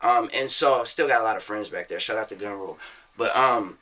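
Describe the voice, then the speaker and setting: Bright-voiced rapper man, profane slang. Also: fairly low pitch, a little fast. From Virginia and Florida, USA. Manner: profane street slang, acts out quotes. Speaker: interview guest, rapper. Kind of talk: casual storytelling interview.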